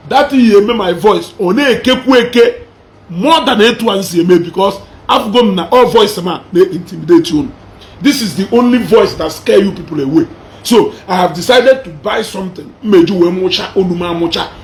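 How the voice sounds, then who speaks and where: High-pitched Nigerian Igbo man ranting. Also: normal speed, a little mellow, a little hiss or hum. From southeastern Nigeria. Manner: mocking, combative, repeats phrases for emphasis. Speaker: social media commentator. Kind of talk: mixed Igbo-English commentary rant.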